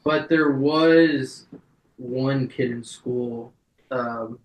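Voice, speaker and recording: A man gives interview answers slowly and hesitantly, filling pauses with ums. His voice has a roomy echo around it, at a middle pitch. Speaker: interview guest. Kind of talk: casual interview chat.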